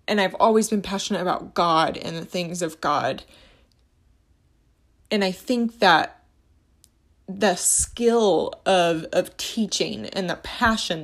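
A woman hosting a casual faith-and-money monologue, talking in an earnest, rambling, passionate way. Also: fairly low pitch.

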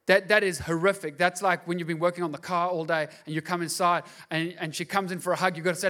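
Bright-voiced pastor preaching casually. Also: male voice, a little high, fairly even intonation, fast, few pauses. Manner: conversational and joking, asks the crowd "right?". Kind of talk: sermon.

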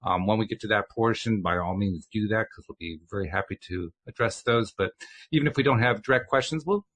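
A man's voice: on the low side, brisk, a bit bright. A man hosting a talk show, chatting casually and joking at his own expense. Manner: chatty, self-deprecating, with restarts. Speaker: podcast host. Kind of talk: casual chat.

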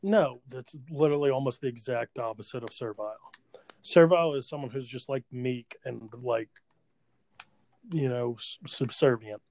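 A man's voice: mid-range voice, moderate pace, darkish tone. A man co-hosting a podcast in casual, profane chat and trading crude jokes with his friend. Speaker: podcast co-host.

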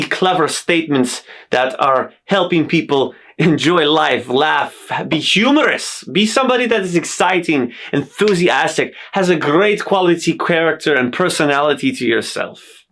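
A man's voice: fairly high pitch, a bit bright. A man giving a motivational self-help talk, listing uplifting affirmations in an earnest tone, speaking in a stylized accent he invented for himself.

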